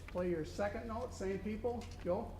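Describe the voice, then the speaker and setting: Serving as a contest judge, this man runs an instructional clinic for a student band and sings rhythms out loud to show how they go. His voice sits high and is a little mellow, at a normal speed. Faint noise can be heard in the echoey room.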